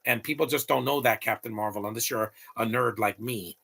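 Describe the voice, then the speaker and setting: A man's voice: medium pitch, a little fast, vocal fry, sharp tone, slightly rough. A man in his late thirties giving opinionated, rambling live commentary over a movie, talking back at the screen. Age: late 30s.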